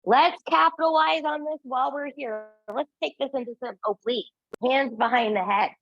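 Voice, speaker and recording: A woman's voice: high voice, moderate pace, no echo, dull audio. A woman instructor guiding a Pilates class, counting reps and giving encouraging cues, a little out of breath. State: slightly out of breath.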